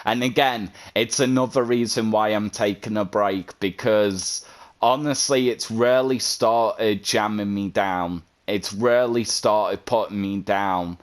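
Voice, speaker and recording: A man's voice: fairly low pitch, fairly even intonation, takes it slowly. A man, a content creator, talking earnestly and at length in a vlog, often repeating himself. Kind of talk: heartfelt vlog monologue.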